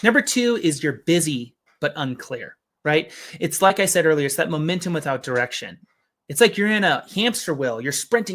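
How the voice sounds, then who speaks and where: Guy coaching people, earnest preachy motivational talk, slightly higher voice, lots of "right?" questions. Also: expressive, brisk, a bit bright. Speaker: business coach.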